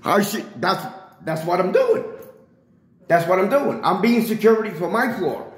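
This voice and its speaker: A man's voice: high-pitched, expressive, normal speed, roomy sound, poor audio. A man filming a confrontation with building security on his phone, lecturing them in a combative way and repeating his points. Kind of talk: heated confrontation, filmed on phone. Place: public area of a residential building, indoors. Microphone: handheld phone camera.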